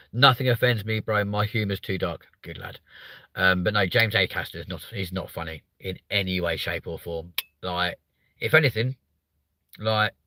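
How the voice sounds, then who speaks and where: A man's voice: lowish voice, sharp tone, no echo. A man from England hosting a live stream, chatting bluntly and swearing often while reading out viewer comments. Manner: blunt, sweary, reads chat aloud. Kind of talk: casual live stream chat.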